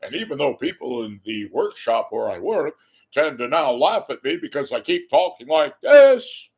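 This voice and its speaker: A man putting on a slow, grandiose impression of a self-important male radio announcer. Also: a little high, big pitch swings, creaky, darkish tone, breathy edge, exaggerated voice. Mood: pompous. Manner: slow, drawn-out, grandiose delivery.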